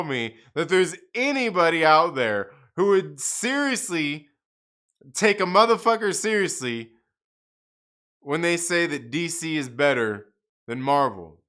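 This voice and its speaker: A man's voice: fairly high pitch, expressive, unhurried, bright, forceful tone. A man hosting a casual livestream, swearing a lot, laughing and ranting at chat comments with lots of repeats. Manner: profane, laughing, repetitive ranting. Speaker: livestream host.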